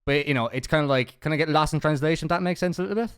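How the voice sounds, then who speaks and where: Irish man, podcast guest, quick talker, smooth voice, teasing chat. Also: on the high side. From Ireland. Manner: teasing, chatty, crude jokes.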